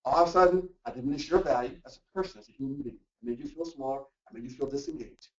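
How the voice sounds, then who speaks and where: A man presenting a motivational workplace talk, animated and full of rhetorical questions. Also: medium pitch, fast. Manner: animated, acts out quoted voices and asks rhetorical questions. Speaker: workshop presenter. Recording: echoey room, distant mic, dull lo-fi sound.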